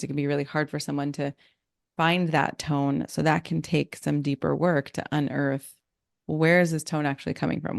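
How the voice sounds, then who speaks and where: A woman's voice: sits low, gravelly, no echo, studio quality. A woman hosting a podcast, affirming her guest and reflecting thoughtfully on what he says. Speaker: podcast host, love coach. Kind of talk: casual interview chat.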